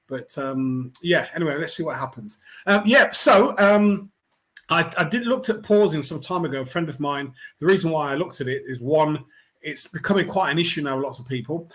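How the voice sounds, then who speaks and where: A middle-aged man from England gives a reflective talk to his online viewers. His voice sits a little higher than most men's. He speaks in an unhurried, conversational way, full of fillers and restarts. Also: animated, a bit bright. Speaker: host of a weekly online talk. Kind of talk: reflective pastoral talk to camera.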